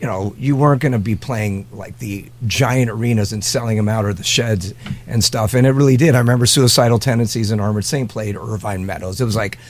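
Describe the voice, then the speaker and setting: Middle-aged musician telling stories. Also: male voice, lowish voice, fairly quick. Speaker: guest musician. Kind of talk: casual chat.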